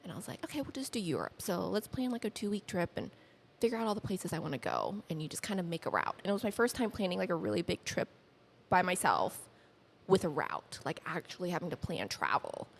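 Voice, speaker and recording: A woman guest on a podcast telling personal stories in a chatty, animated way, acting out quoted dialogue with many fillers. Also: brisk, vocal fry, breathy edge. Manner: animated, acts out quoted dialogue with lifted pitch. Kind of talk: casual conversational storytelling.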